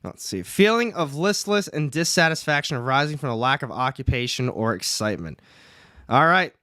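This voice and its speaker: A man's voice: mid-range voice, expressive, moderate pace, pushed and bright, no room sound, studio quality. A young man hosting a casual comics livestream, chatting, reading out the chat and joking at his own expense. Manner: chatty, reads chat aloud, jokes at himself.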